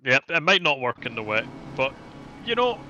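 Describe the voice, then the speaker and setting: Man, sim race co-commentator, dry teasing humour, sharp bright tone, slightly muffled audio. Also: medium pitch, sing-song, normal speed, slight background noise. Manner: dry, teasing, mock-outraged.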